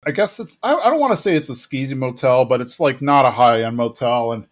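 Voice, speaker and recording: A man co-hosting a podcast, casually retelling a cartoon episode in a chatty, rambling way, with fillers and quick quoted lines. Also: medium pitch, lively intonation. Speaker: podcast co-host.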